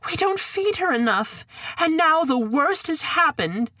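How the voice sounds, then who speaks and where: A man voicing a poor, fretful old mother in a wailing high falsetto in a storybook podcast. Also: sing-song, unhurried, pushed and bright, dry recording, clean studio sound, heavily acted. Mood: distraught.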